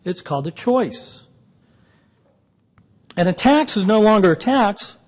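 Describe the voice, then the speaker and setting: Guy with a pretty high voice giving a talk, dry storyteller, punchy jokes. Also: animated, measured pace. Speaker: lecturer. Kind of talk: public lecture with told jokes. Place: lecture hall.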